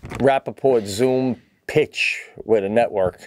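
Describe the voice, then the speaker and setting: Animated, swearing man telling stories. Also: slow pace, no room sound, clean studio sound. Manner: animated storyteller, swears, says "bro"; swings into loud high-pitched outbursts. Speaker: podcast co-host. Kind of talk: casual chat.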